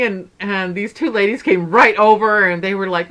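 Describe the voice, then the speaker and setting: A middle-aged woman hosts her stitching channel, chatting casually to viewers and telling rambling stories that wander off on tangents. She speaks briskly with few pauses, in a medium-pitched, fairly bright voice.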